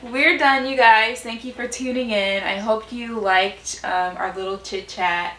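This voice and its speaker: A woman's voice: fairly high pitch, fairly even intonation, unhurried, pushed and bright. A woman telling a story in casual chat with her partner, laughing often and talking with lots of fillers. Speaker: vlog co-host. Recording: roomy echo.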